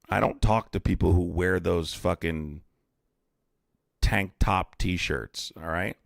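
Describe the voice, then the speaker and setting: A blunt, profane man argues with callers and fires back at chat on a live stream. His voice sits very low with heavy vocal fry. The sound is close and dry. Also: takes it slowly, dry recording. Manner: blunt, profane, combative, reads chat aloud. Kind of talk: heated live-stream debate.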